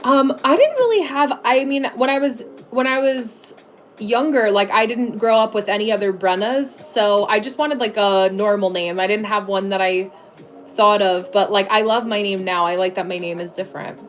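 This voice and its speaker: A woman's voice: mid-range voice, normal speed, soft background music. A woman in her thirties chatting casually on a livestream, answering viewers with lots of fillers and restarts.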